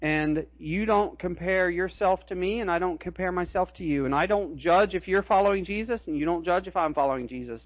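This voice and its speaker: A man's voice: sits high, no echo, lo-fi sound. A middle-aged man preaching a sermon as a pastor, earnest and emphatic, repeating his key phrases.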